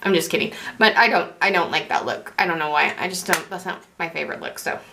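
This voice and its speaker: A woman's voice: lowish voice, fast, vocal fry, pushed and bright, slight background noise. A young woman chatting casually through a makeup tutorial, rambling and correcting herself as she goes. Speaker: beauty vlogger.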